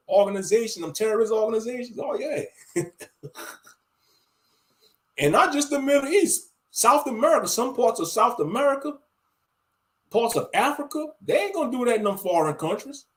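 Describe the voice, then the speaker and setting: A man in his thirties giving blunt, profane, rambling commentary on a casual livestream, talking straight to his viewers as family. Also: on the high side. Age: 30s. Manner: addresses viewers directly as family.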